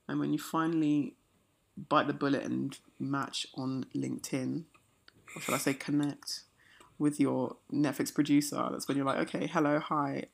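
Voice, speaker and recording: A woman's voice: a bass voice, flat delivery, normal speed, vocal fry. A young woman chatting casually as a co-host, sassy and playful, teasing her friend. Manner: sassy, playful teasing with sudden loud outbursts. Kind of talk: casual chat.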